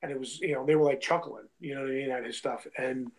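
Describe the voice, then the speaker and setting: A man's voice: medium pitch, quick pace, a loud crowd, poor audio. A young man telling a story in a loose, chatty way, peppering it with "like", "bro" and "you know what I mean". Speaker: guest, independent wrestler. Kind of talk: casual storytelling.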